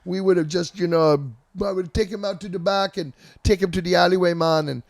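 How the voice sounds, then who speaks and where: Man putting on a boastful, threatening club heavy, raised and gravelly, dry close sound, fairly high. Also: a little fast, no echo. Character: big menacing male club heavy.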